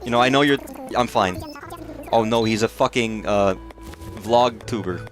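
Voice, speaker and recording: Faint music plays behind a fairly low-pitched male voice. He's a profane, rambling game streamer offering casual commentary and quick to launch mock rants at the characters on screen.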